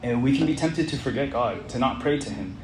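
A man's voice: medium pitch, lively intonation, a little fast. A man teaching an interactive Bible study lesson in an earnest way, putting questions to the group as he reads. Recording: roomy echo, faint background noise.

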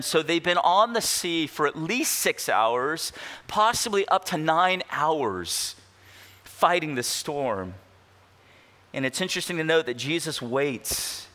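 Bright-voiced man preaching emphatically. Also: on the high side. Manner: emphatic, rhetorical questions, slows down for weight. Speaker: pastor. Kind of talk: expository sermon.

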